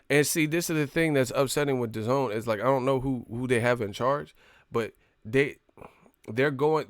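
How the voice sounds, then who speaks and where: Male streamer, slangy and profane, mid-pitched, relaxed chat delivery. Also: dry recording, clean studio sound. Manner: loose, slangy, profane, laughing storyteller. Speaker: live stream host. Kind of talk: casual boxing talk.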